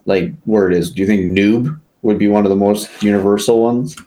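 A man's voice: lowish voice, steady tone, moderate pace, dark tone. A man co-hosting a podcast in casual chat, rambling with many fillers and restarts. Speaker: podcast co-host.

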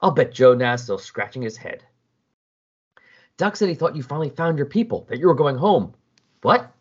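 A man's voice: mid-range voice, very animated, normal speed, husky, highs cut off. A man voicing a wisecracking young woman hero in a comic story recap, breezy and quippy. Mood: wry. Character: wisecracking young woman hero who phases through walls.

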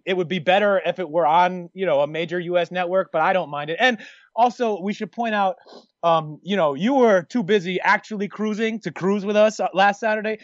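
In casual podcast chat, a man co-hosting rambles and jokes, interrupting himself with lots of restarts. His voice is high, and the audio is dull with no echo.

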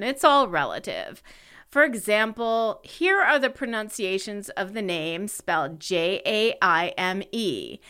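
Lively, bright-voiced woman podcast host. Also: mid-range voice, smooth. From United States. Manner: lively storyteller. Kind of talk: casual podcast chat.

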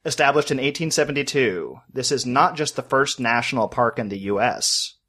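A man's voice: mid-range voice, lively intonation, moderate pace, sharp tone. A man running a trivia quiz on a podcast, reading clues in an upbeat way. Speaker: quizmaster.

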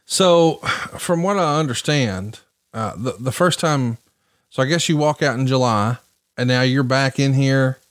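A man's voice: medium pitch, unhurried, dry recording, clean studio sound. A man hosting an interview, asking long, detailed questions. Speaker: podcast host.

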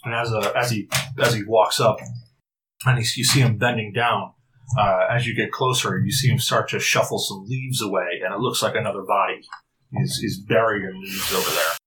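A man narrating a tabletop role-playing game as game master, halting, with frequent restarts and fillers. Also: fairly low pitch, steady tone, background noise.

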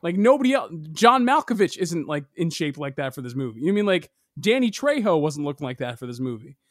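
Young male podcast host, rambling animated recap. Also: on the high side, quick pace, no echo, studio quality. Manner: rambling and animated, with frequent fillers and laughter. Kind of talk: casual movie recap.

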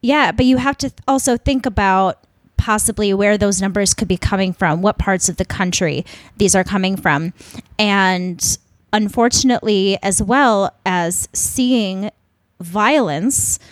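A woman's voice: medium pitch, unhurried, dry recording. A woman co-hosting a podcast, talking in an earnest, emphatic way during an impassioned discussion. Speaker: podcast co-host.

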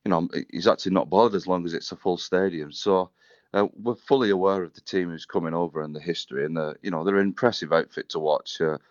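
A man's voice: deep voice, quick pace, dry recording, lo-fi sound. A man with a northern English Wigan accent, a rugby league club chief chatting easily and matily as a guest on the radio from his office. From northern England. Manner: easygoing, matey banter. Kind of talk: casual radio chat on a call.

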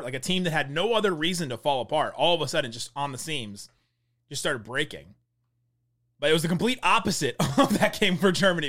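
A man's voice: on the high side, pushed and bright. A young man hosting a basketball show, rambling through a casual game breakdown and laughing mid-sentence. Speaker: basketball podcast host. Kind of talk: casual sports analysis.

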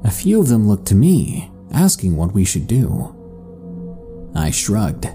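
A man narrating a listener's horror story in a measured, suspenseful first-person read for a podcast. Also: lowish voice, wildly swooping pitch, warm tone. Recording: faint music bed under voice.

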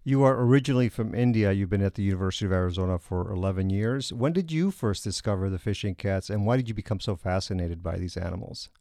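A man's voice: low-pitched, quick pace, hardly any pauses, mellow, dry recording, clean studio sound. A man hosting an interview who asks polite questions to prompt his guest. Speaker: interview host.

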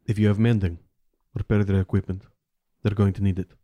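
A man speaks in character at a tabletop game, solemn and earnest. His voice is very deep and dark, recorded dry and close. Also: flat delivery, a little fast, dry recording. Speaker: player.

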